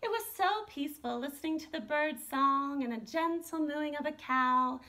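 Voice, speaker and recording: Woman art teacher reading a kids book aloud, high bright voice, super expressive. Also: normal speed. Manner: expressive, animated reading for children. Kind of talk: storybook read-aloud.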